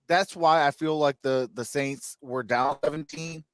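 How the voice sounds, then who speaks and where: A man's voice: on the high side, steady tone, measured pace, dry recording. A man hosting a casual sports chat with a slightly raised voice, talking in a loose, rambling way full of "uh" and "you know." His voice sounds dry and close to the mic. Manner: rambling, many fillers, laughs at own jokes. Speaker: host.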